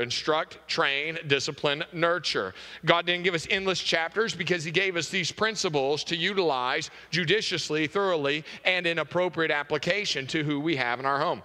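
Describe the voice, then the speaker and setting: A man's voice: a little high, pushed and bright. A man preaching an earnest sermon as pastor, repeating key phrases. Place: church sanctuary. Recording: long reverb of a large hall.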